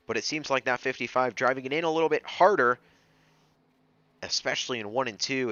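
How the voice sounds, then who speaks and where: A male sim racing commentator giving steady, analytical race calls. His voice is bright, crisp and resonant. It is recorded on a dry, slightly dull lo-fi mic. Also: medium pitch, dry recording.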